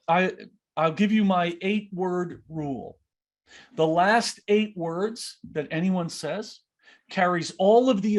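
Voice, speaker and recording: A man coaching on leadership over a video call, his voice a little higher than most men's. He talks in an animated way and slips into the voices of the people he quotes. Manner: animated, acts out quoted speech. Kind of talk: online masterclass Q&A.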